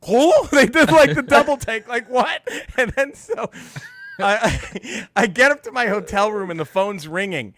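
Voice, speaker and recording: High, bright-voiced comedian telling a story. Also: male voice, normal speed. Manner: animated, laughing storyteller who acts out quotes. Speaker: podcast co-host, stand-up comedian. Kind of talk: casual storytelling chat.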